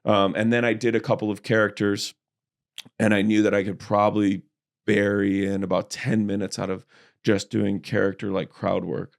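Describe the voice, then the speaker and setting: A man, a comedian guest, in casual chat, telling animated stories and slipping into voices. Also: fairly low pitch, moderate pace, vocal fry. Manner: animated storyteller, slips easily into voices.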